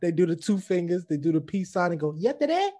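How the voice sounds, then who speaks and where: A man co-hosting a casual movie review chat, jokey and animated, often mimicking lines for laughs. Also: fairly high pitch, fast talker. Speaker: podcast co-host.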